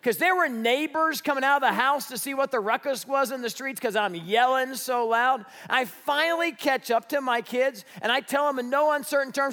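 A middle-aged man preaching a sermon as a pastor, telling a family story in an animated way. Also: very high-pitched, normal speed, few pauses. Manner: storytelling, animated, shouts in retellings. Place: church sanctuary. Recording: echoey church hall.

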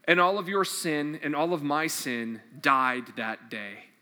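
Bright-voiced enthusiastic pastor in a hall. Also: male voice, on the high side, lively intonation, unhurried. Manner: enthusiastic and conversational, asks the audience questions. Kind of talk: sermon with scripture reading. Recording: long hall reverb.

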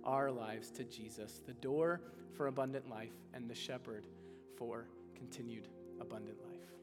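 A man's voice: medium pitch, fairly even intonation, unhurried, over loud music. Earnest preaching man in a reverberant hall. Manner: earnest preaching, rising to urgent appeals. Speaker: pastor. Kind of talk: sermon. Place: church hall.

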